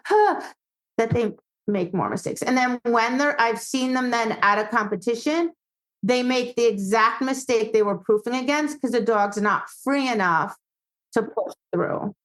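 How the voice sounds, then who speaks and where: A woman dog trainer chats as a podcast guest, her voice sitting a little higher than most. She tells stories with lots of life and slips into playful quoted voices. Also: poor audio. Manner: animated storytelling, acts out quoted voices. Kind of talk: casual podcast chat.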